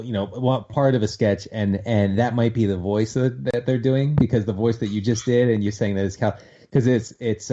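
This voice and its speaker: A low-voiced American man with an East Coast accent chats as a podcast guest. He is wry and halting, stumbling over restarts and fillers. His line sounds dull and lo-fi. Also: warm tone. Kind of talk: casual podcast chat.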